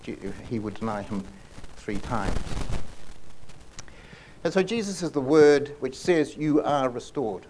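A man preaching a sermon in an earnest way, often repeating and restarting phrases and slowing down to stress key lines. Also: mid-range voice, lively intonation, a little mellow, a little hiss or hum. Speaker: pastor.

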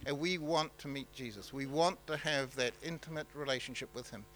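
Bright-voiced New pastor preaching. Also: male voice, mid-range voice, a little hiss or hum, low-quality recording. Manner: halting, many fillers and restarts, conversational. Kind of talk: sermon.

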